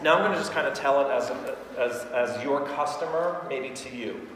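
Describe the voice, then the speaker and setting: A man giving a live sales training to an audience, chatty and quick to laugh, full of anecdotes. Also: mid-range voice, a crowd in the background. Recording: echoey hall recorded from far off.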